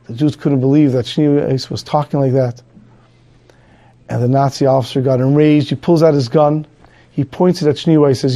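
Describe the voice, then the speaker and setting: A man's voice: fairly high pitch, steady tone, moderate pace, mellow. A man teaching Torah, telling a story as a sermon in an earnest way, using Hebrew and Yiddish terms.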